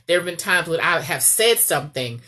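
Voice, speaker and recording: A woman's voice: lowish voice, expressive, moderate pace, bright, forceful tone. A woman giving casual marriage advice as a coach, chatty and often checking in with "okay?". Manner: chatty, repeats "okay?" to the viewer.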